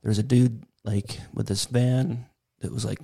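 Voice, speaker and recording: A man's voice: medium pitch, fairly even intonation, moderate pace, creaky, mellow. A man co-hosting a podcast, telling a rambling story in casual chat and acting out what people said. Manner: rambling storyteller, acts out quotes. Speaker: podcast co-host.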